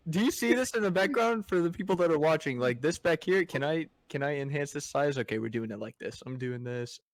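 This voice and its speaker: A man's voice: on the high side, lively intonation, a little fast. A man co-hosting a podcast, telling a story in casual chat, laughing and acting out his friends' lines. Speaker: podcast co-host.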